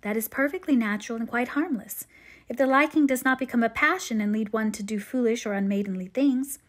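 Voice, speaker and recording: A woman's voice: a little high, fairly quick, natural voice. A woman reading aloud as a wise middle-aged mother advising her daughter. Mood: tender.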